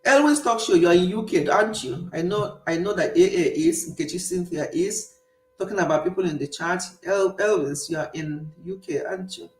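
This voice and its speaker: Her voice lowish and her speed normal, a Nigerian woman hosts a relaxed live stream and answers comments as they arrive. She speaks with a warm Nigerian accent, laughs frequently, and echoes in a roomy space.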